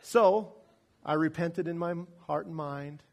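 A pastor delivering a sermon, telling a personal story with wide swings between loud emphasis and quiet asides. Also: male voice, a little high, unhurried.

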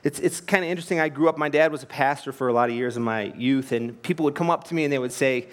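A man's voice: medium pitch, fast. A man preaching a sermon, earnest and emphatic, asking rhetorical questions and telling anecdotes. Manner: tells anecdotes with light laughs. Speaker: pastor.

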